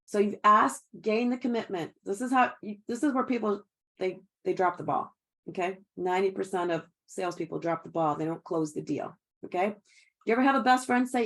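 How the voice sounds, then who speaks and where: Upbeat chatty woman sales coach. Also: medium pitch. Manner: upbeat, chatty, laughs often, acts out sample calls. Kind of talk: sales training talk.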